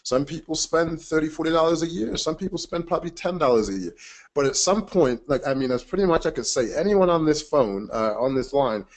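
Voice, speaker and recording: A man's voice: fairly high pitch, expressive, brisk. A man presenting a webinar over screen share, loose and rambling, with lots of filler words. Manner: loose and rambling, full of "you know" and "like".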